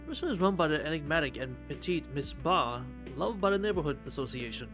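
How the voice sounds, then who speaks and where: A man's voice: on the high side, very animated, quick pace, hardly any pauses, fairly bright tone. A man live-streaming a game, reading its text aloud and chatting, swearing freely. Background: game music.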